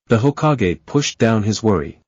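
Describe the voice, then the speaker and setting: Low husky guy reading a story out loud, dull lo-fi dry sound. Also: normal speed, no echo. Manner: steady storytelling. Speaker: story narrator. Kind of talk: reading fan fiction aloud.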